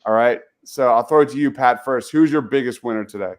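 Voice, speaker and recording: A man's voice: medium pitch, a little fast. Casual male sports podcast host. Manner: reads out live viewer comments, laughs easily.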